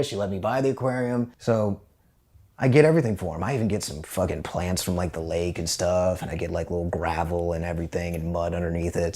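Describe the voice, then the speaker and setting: A man in his twenties, a podcast guest telling a personal story in a candid, profane, animated way. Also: lowish voice. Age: 20s.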